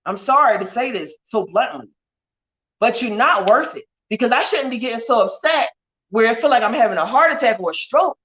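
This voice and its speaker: A woman's voice: fairly high pitch, fairly bright tone, dull audio. A woman talking bluntly and heatedly in a profane livestream rant. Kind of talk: ranting livestream monologue.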